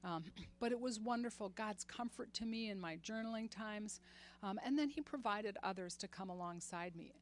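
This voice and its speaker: A woman in her sixties giving an earnest faith talk to a group, laughing often and growing animated when she retells stories. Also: medium pitch, normal speed. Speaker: women's ministry speaker.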